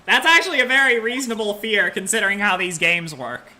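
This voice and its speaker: A woman's voice: medium pitch, animated, fairly quick, pushed and bright. A woman streamer giving casual let's-play commentary, chatting and joking between lines.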